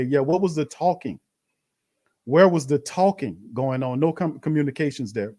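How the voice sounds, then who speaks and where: A man's voice: fairly high pitch, normal speed, mellow. A man hosting a live-stream watch party, commenting bluntly on a loss and calling his viewers fam. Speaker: sports show host.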